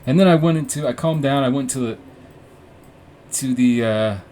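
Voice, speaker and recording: Young guy podcast host rambling a story, swears a lot, keeps restarting, normal pitch, faint room hum. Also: normal speed, a little mellow. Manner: rambling, profane, self-mocking, with frequent restarts and fillers. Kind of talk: casual storytelling monologue. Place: room with warm orange lighting.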